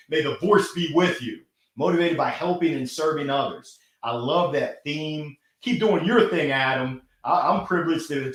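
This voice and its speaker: A man's voice: mid-range voice, roomy sound. A man hosting a weekly live motivational stream, upbeat and effusive, thanking viewers by name as he reads their comments.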